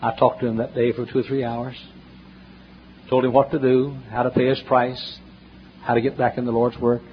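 A man preaching a sermon, telling folksy stories and swinging between loud emphatic questions and hushed asides, in a church. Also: mid-range voice, little pitch movement, moderate pace, slight background noise. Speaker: pastor. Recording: dull lo-fi sermon recording, faint ambience.

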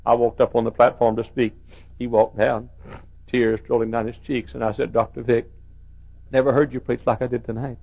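A man preaches from the pulpit, his voice gravelly and rough at the edges. He tells stories softly, then rises into high, shouted cries. The recording is dull and muffled, like an old sermon tape. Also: level tone, a little fast. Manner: swings from soft storytelling to high shouted cries. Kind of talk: revival sermon.

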